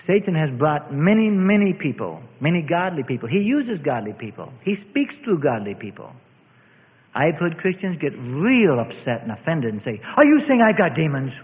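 A man preaching a sermon with dramatic swings between loud and hushed delivery, heard as a tinny lo-fi recording in a reverberant hall. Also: a little high, very animated, moderate pace.

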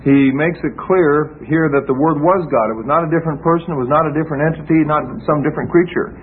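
A man giving a Bible teaching sermon, explaining slowly and often restarting and repeating his phrases, heard through a tinny lo-fi radio broadcast. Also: a little high, slight background noise. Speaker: preacher.

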